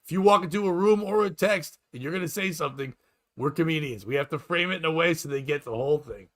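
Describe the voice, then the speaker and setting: A man's voice: on the high side, quick pace. A man hosting a comedy podcast, riffing sarcastically and profanely in casual chat and acting out quotes.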